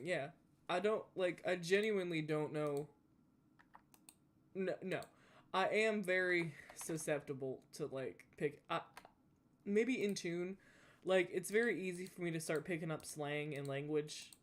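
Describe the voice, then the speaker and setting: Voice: medium pitch, a little slow. Rambling young adult with a Southern drawl. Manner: rambling, full of "like" and restarts. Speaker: gaming YouTuber. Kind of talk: casual chat while gaming.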